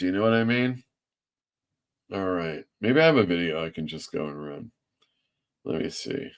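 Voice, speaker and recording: A man's voice: sits low, animated, moderate pace, long pauses. A man hosting a livestream show as a comic shop owner, chatty and self-mocking. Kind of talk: casual livestream talk.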